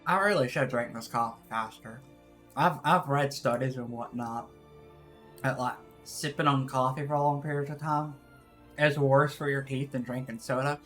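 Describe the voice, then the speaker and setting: A VTuber streamer talks casually on a live stream, rambling in a put-on East Texas drawl and often laughing at himself. His voice is mid-range and fairly bright, with a steady tone and moderate pace, and faint music plays behind him.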